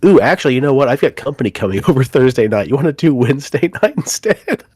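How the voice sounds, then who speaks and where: A man's voice: medium pitch, lively intonation, quick pace, darkish tone, slightly rough, no echo, studio quality. A man co-hosting a podcast in casual chat, his voice nasal and stuffed up from a cold, laid-back and jokey. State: congested from a cold. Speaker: podcast co-host.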